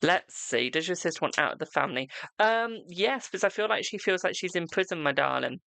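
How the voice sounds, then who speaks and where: A card reader chatting casually to viewers on a home live stream, full of laughter and fond "my darling"s. The voice carries a gravelly, fry-edged texture at a middling pitch, and the sound is dry and close with no room echo. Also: animated, fairly quick, pushed and bright.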